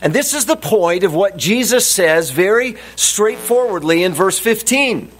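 A man preaching a sermon as a pastor, deliberate and emphatic, repeating his key phrases. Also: sits high, expressive, a bit bright, husky.

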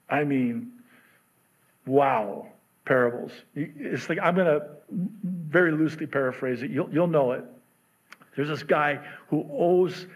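A middle-aged man preaching a sermon as pastor, conversational and joking, acting out the voices in his stories. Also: mid-range voice. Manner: conversational and joking, acts out quotes.

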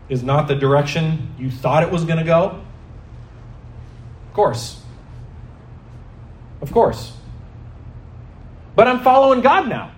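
A slightly high-voiced man delivers a forceful sermon in a space with a roomy sound. Again and again, he poses rhetorical questions to the crowd.

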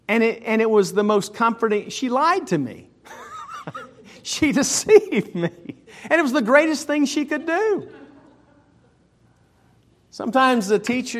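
A man preaching a sermon as a pastor in a church. He shifts between casual asides, personal stories and slower, louder scripture reading. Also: high-pitched. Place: church sanctuary.

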